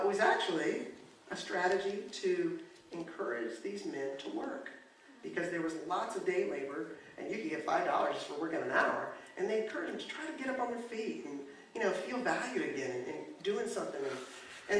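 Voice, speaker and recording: A man with a fairly high voice preaches in a church, going from calm storytelling to loud, impassioned calls. The sound is very echoey, as if picked up from well back in the hall, with faint background noise. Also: normal speed, distant mic. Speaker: guest preacher. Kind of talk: sermon with storytelling. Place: church sanctuary.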